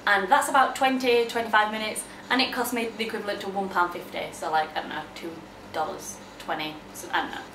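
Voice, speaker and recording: A woman's voice: medium pitch, steady tone, fast talker, a bit bright, slight background noise. A young woman from England, chatting casually to camera as a vlogger, bubbly and full of exclamations. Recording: roomy echo.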